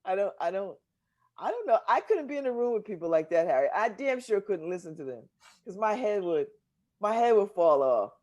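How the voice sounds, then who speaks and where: A woman's voice: mid-range voice, sing-song, brisk, a little mellow, muffled recording. An American woman hosting a talk show, chatting casually and laughing often as she teases her guest. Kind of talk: casual chat.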